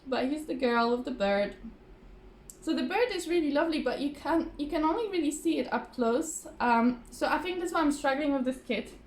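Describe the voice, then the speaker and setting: A chatty woman with a somewhat high voice talks casually to camera in a relaxed, rambling way, full of fillers and little restarts. Her voice sounds a little tired, and a faint hiss sits under the recording. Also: normal speed. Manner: laughs often. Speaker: craft vlogger. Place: home, at a table. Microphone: phone or camera on the table.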